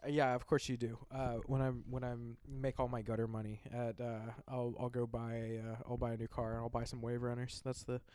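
A young man hosting a podcast among friends, rambling and joking, swearing freely. His voice is clear and smooth, and sits at an everyday middle pitch. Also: little pitch movement, fairly quick, hardly any pauses, a little mellow, no echo. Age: young adult. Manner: loose, profane, rambling, jokey. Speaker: podcast host. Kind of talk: casual chat.

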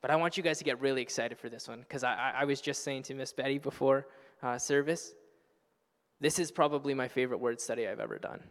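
A man preaching a sermon as pastor, earnest and passionate, building to loud exclamations. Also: mid-range voice, quick pace, big-room sound. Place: church sanctuary.

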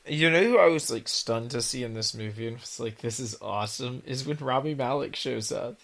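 A man chatting excitedly about a movie on a podcast, enthusiastic and full of "like". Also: medium pitch, fairly quick, creaky. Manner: excitable, enthusiastic, says "like" a lot. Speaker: podcast co-host. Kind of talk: casual movie chat.

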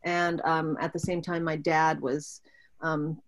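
Woman from Pittsburgh, interview guest, casual and chatty, lowish voice. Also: flat delivery, slow. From Pittsburgh, Pennsylvania. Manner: chatty, with frequent ums and restarts.

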